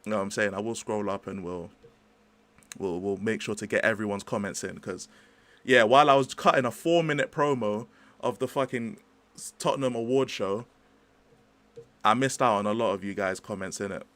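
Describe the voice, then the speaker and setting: A man's voice: fairly low pitch, normal speed, long pauses, a bit bright. A young man hosting a livestream, ranting about football in a chatty, slangy, rambling way. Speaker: livestream host. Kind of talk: casual livestream football rant.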